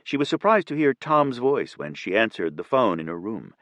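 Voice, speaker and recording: A man narrating an audiobook in a steady, even reading. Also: fairly low pitch, normal speed, no echo. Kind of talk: scripted narration.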